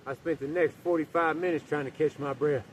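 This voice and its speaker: A man's voice: fairly high pitch, steady tone, fairly quick. A man telling a rambling, folksy story outdoors while walking his dog, swearing casually. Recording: distant mic, faint outdoor noise.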